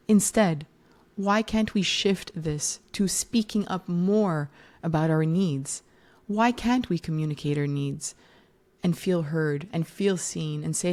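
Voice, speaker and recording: A woman's voice: fairly low pitch, measured pace, darkish tone. A woman in her thirties hosting a solo parenting podcast, talking conversationally, correcting herself and playing out quoted moms with animation. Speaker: podcast host and parenting educator.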